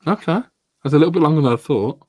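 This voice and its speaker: A man's voice: fairly high pitch, animated, racing, darkish tone, breathy edge, no echo. A man hosting a podcast, chatting bluntly with swearing and stammered restarts. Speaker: podcast host. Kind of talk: casual chat.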